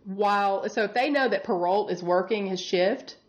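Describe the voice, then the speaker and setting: A bedside nurse co-hosts a casual true-crime podcast, laying out the case with exasperated humor and laughing often. Her mid-range voice moves at normal speed, and the recording sounds muffled.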